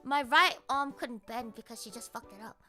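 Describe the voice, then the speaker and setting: A woman livestreamer telling a story in casual chat, animated, swearing a lot and laughing along. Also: on the high side, moderate pace, faint music behind.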